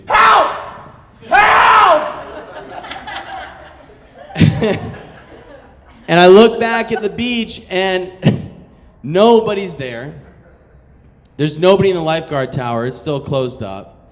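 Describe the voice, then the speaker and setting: A man's voice: high voice, a little slow, long reverb tail, slight background noise. Self-mocking male storyteller, casual, profane. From Massachusetts. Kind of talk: live storytelling.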